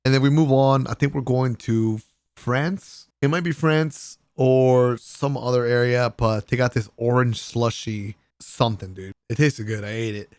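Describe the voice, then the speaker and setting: A young man casually telling the story of a trip in a vlog voice-over, excitable and full of slang, sometimes breaking into laughs. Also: a little slow, no echo, studio quality. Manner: animated, laughing, swearing, mimics friends in raised pitch. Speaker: vlogger.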